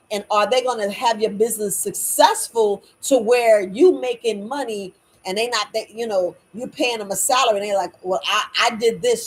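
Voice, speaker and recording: Middle-aged woman, mid-pitched, candid and chatty, with a faint hiss behind her. She plays out her own self-talk as she gives business advice. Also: low-quality recording. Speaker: business owner and herbalist. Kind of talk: casual advice monologue.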